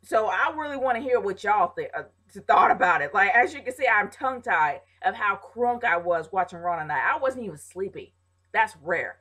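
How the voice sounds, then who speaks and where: A woman's voice: medium pitch, animated, moderate pace, bright, forceful tone. A woman casually reviewing a wrestling show, ranting with exasperation and calling her viewers "y'all". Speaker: wrestling vlogger.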